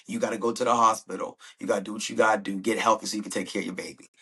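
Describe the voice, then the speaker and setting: An insistent young woman, as a man puts her on pushes and pleads with a friend. The husky voice stays close to the performer's everyday tone. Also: lowish voice, level tone, very fast, bright, forceful tone, heavily acted. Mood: urging.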